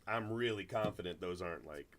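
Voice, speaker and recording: A man's voice: deep voice, fairly quick, fairly bright tone. A middle-aged man hosting a card break, chatting casually and telling rambling stories full of restarts. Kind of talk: casual chat while opening cards.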